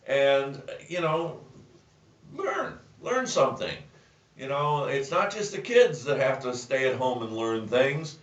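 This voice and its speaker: A man hosting a casual chat show, telling a joke and rambling with many restarts and fillers. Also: mid-range voice. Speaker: show host. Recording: roomy, distant, muffled sound.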